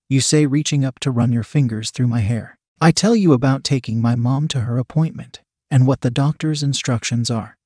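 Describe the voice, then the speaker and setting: A man's voice: mid-range voice, no echo. Man reading a story in a dry, close voice. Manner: even, unhurried reading that speaks punctuation aloud. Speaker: story narrator.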